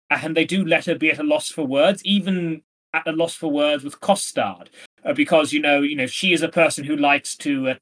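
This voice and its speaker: A podcast co-host talks casually about a play in a literary discussion, rambling with plenty of fillers and hedges. His voice is fairly high and a bit bright.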